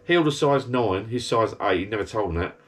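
A man's voice: fairly low pitch, animated, a little fast. A man, rambling and grumbling in a casual monologue from his backyard garden bar. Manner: chatty, grumbling rant. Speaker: vlogger.

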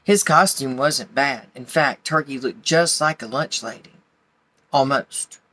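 Slow, bright-voiced woman reading a picture book. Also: extremely low pitch. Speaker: children's book reader. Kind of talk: storybook read-aloud.

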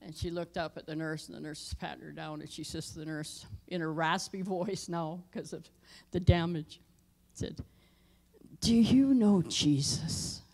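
A middle-aged woman pastor in a church sanctuary tells a personal sermon story in a creaky voice with little pitch movement, a moderate pace, and few pauses. She goes low for tense moments and loud for emphasis.

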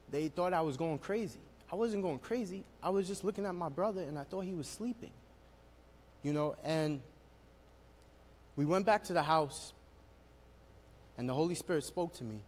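A young man telling his personal testimony at a worship service, speaking with emotional, building storytelling. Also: a little high. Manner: emotional storytelling, rising in intensity.

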